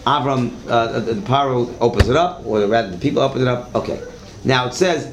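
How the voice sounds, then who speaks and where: In an echoey room with faint background hiss, a religious teacher leads a Torah class, speaking at medium pitch and a slightly quick pace. His lecture mixes storytelling with a conversational manner, repeated words, and questions for the students.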